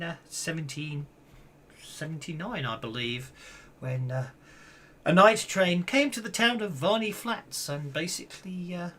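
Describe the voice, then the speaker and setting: A man wrapping up a tabletop game session as game master, talking in halting bursts full of fillers and restarts. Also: on the high side, a bit bright, a little hiss or hum.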